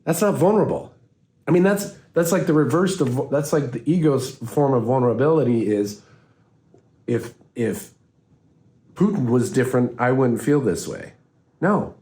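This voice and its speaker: A man in his forties, a life coach, speaking in an earnest, reflective monologue with halting restarts. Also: medium pitch, warm tone. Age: 40s.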